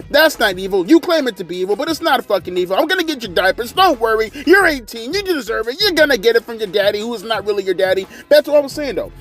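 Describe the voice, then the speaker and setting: A man's voice: extremely high pitch, animated, fast, hardly any pauses, fairly bright tone, faint music behind. A man in his thirties giving a profane, ranting review of a wrestling show from his living room. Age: 30s. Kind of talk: ranting casual commentary.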